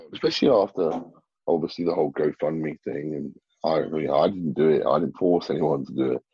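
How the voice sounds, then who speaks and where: A man's voice: a bass voice, vocal fry, slightly rough, dry recording, muffled recording. A man talking as a bodybuilder guest in a casual interview, blunt and swearing freely.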